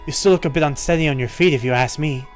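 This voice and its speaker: A man's voice: on the high side, fast talker, faint music behind, lightly acted. A man voicing Titania, stern mercenary woman. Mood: firm, caring. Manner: calm, commanding, motherly. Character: stern female mercenary deputy commander, caring. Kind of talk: voicing game dialogue.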